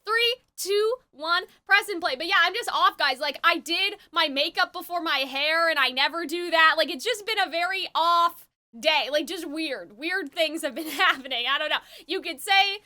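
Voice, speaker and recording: Bubbly high bright-voiced young woman. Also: normal speed. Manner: excitable, giggly, self-correcting. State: a little congested. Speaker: reaction video host. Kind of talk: casual reaction chat.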